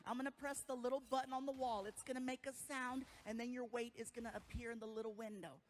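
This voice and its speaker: A man's voice: extremely high pitch, fairly even intonation, fast, a little hiss or hum. A man voicing a friendly female nurse who is a fan, talking in a sweet, eager, polite way.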